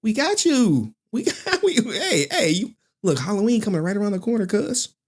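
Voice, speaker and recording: A man's voice: sits high, very animated, normal speed, husky, pitched above the performer's own voice, full character voice. A man voicing a pushy male street hustler who keeps pleading and repeating himself as he pushes props on a buyer. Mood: hustling.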